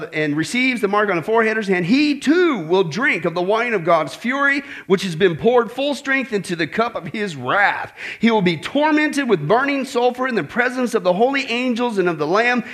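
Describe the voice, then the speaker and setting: A man preaching a sermon to a congregation in a conversational, animated way, often checking in with "okay?" and dropping jokes. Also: sits high.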